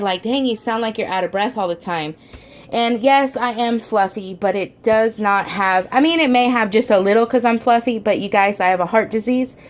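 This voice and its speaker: A woman's voice: medium pitch, a little hiss or hum. A woman and mother of four chatting casually to her camera at home, rambling, with lots of fillers and restarts, and the odd "y'all". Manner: homey, says "y'all". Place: at home, indoors.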